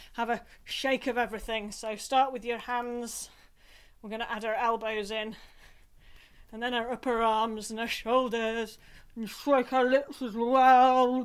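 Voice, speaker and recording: A woman with a Scottish accent leading a singing group's online warm-up, gentle and encouraging with light laughs. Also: on the high side, smooth. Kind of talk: online vocal warm-up class. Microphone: home recording for video.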